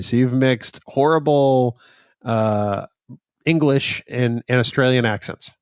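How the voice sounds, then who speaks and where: A man co-hosting a podcast in casual banter, teasing his partner and quick to laugh. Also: medium pitch, clear, resonant tone, no room sound. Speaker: podcast co-host.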